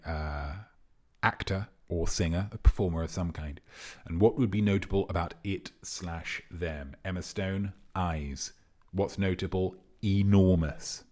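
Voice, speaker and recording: A man's voice: lively intonation, normal speed, a little mellow. Rambling, theatrical man hosting a quiz. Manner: theatrical, rambling, self-important artiste persona with sudden pitch jumps. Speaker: quiz host. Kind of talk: character comedy livestream quiz.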